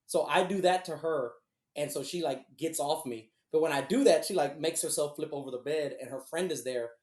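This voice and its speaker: A man co-hosting a podcast, telling a personal story in casual, profane, animated chat. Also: a little high, a little fast, reverberant. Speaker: podcast co-host.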